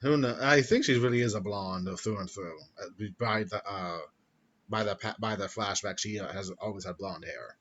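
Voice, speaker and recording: A man's voice: on the low side, normal speed, a bit bright. Man hosting a casual chat, slightly lo-fi. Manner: playful, laughs often, slips into silly voices. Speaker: podcast host.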